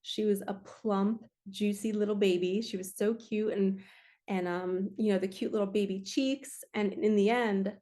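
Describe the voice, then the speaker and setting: A woman's voice: mid-range voice, steady tone, moderate pace, dark tone. A woman, earnestly giving a casual spiritual card reading. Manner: earnest, emotional, spiritual-coaching talk. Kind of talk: casual tarot-style energy reading.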